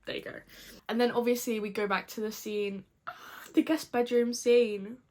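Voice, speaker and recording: A woman's voice: a little high, fairly even intonation, normal speed, dark tone. A young woman recapping a TV episode to camera in a gushing, dramatic, chatty way. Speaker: vlogger.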